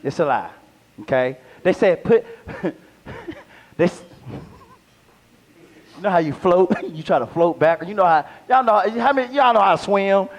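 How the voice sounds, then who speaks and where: A male comedian whose voice sits high speaks at a measured pace and pauses often during a live set at a small venue. He works the crowd in an animated way, trading remarks with the audience.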